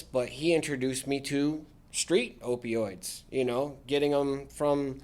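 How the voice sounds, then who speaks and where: A man's voice: medium pitch, unhurried, hardly any pauses, a little mellow. A man speaking as a podcast guest, a military veteran talking candidly about his recovery with dry sarcastic humor. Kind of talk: candid casual interview talk.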